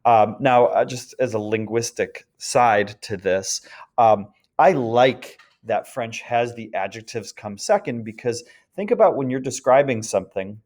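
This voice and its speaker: A man's voice: medium pitch, a little slow. Man teaching grammar with frequent ums. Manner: relaxed, frequent ums, chants the word list rhythmically. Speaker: French teacher. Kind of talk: recorded lesson for students.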